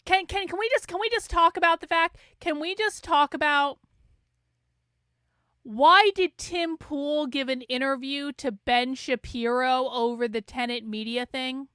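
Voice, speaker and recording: Woman host, high and bright, dry close sound, sarcastic and profane live reaction. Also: a little slow, no room sound. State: voice strained from yelling. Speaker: show host.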